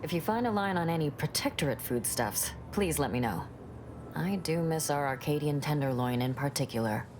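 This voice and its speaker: An actress voicing a prim, refined woman companion in a video game, speaking in a formal, measured way. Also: low-pitched. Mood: wistful. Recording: game audio under steady noise.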